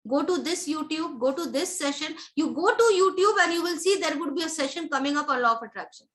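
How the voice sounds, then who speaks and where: A woman's voice: sits high, expressive, fairly quick, fairly bright tone, poor audio. A woman leading a live motivational training session as a life coach, emphatic, repeating her key points and checking in with her listeners.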